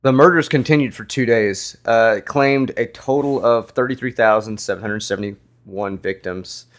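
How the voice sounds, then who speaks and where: A man co-hosting a podcast, reading history aloud at an easygoing, relaxed pace. His delivery is casual and full of fillers. His voice sits at an ordinary middle pitch for a man. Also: moderate pace. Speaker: podcast co-host.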